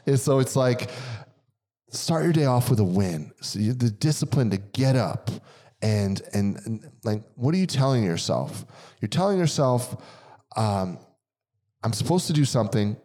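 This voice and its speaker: A man's voice: medium pitch, unhurried. A man co-hosting a casual podcast chat, talking emphatically and repeating words for stress as he tells stories. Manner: animated storytelling. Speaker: podcast co-host.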